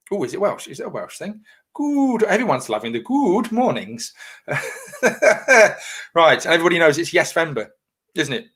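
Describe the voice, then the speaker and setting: A man's voice: mid-range voice, fairly bright tone. Chatty man hosting a livestream. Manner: rambling, reassuring, chatty. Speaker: livestream host. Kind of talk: casual chat reading viewer comments.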